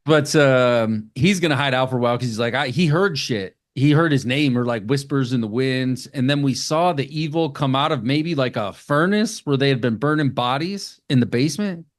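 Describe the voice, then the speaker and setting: Podcast co-host, casual recap, swears, quick silly voices for characters. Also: male voice, medium pitch. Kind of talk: casual movie recap chat.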